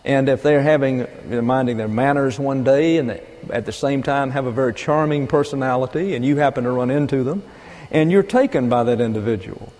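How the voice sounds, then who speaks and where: An older man preaching a sermon, teaching deliberately and with emphasis, pausing for asides. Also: mid-range voice, darkish tone. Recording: long reverb of a large hall.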